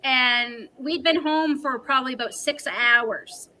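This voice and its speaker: A woman's voice: sits high, unhurried, pushed and bright, a little hiss or hum, rough recording. A woman in her forties, a livestream guest, telling a personal story in an earnest, emotional, talkative way.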